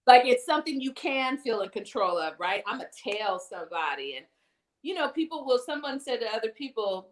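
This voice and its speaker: A woman's voice: medium pitch, animated, normal speed, rough recording. A woman co-hosting a podcast over a video call, talking in an emphatic, preachy way about how people treat each other. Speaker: podcast co-host. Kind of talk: casual chat on a live video call. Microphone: earbuds on a video call.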